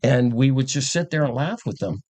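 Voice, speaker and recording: An older man with a husky, slightly breathy voice recounts old coaching stories in a relaxed podcast conversation. He talks casually and acts out the lines of the people in his stories, laughing as he goes. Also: mid-range voice, fairly quick. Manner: animated storyteller who acts out quotes and laughs. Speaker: guest, former coach.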